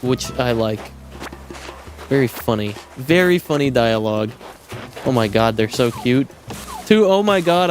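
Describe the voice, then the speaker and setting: An excitable streamer chatting casually over gameplay and swearing freely. The voice bounces up and down with a lot of life. Soft music plays faintly in the background. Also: mid-range voice. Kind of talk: casual game commentary.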